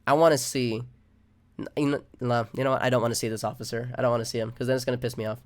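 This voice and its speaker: A man's voice: mid-range voice, flat delivery, very fast. A man delivering an angry, profane rant into the camera, full of restarts and filler. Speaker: vlogger. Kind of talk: angry ranting monologue.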